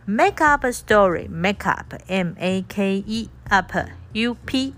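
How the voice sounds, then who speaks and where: A woman's voice: medium pitch, expressive, slow, fairly bright tone. A woman reading a storybook aloud as an English lesson, spelling out words letter by letter and explaining them in two languages. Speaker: English teacher.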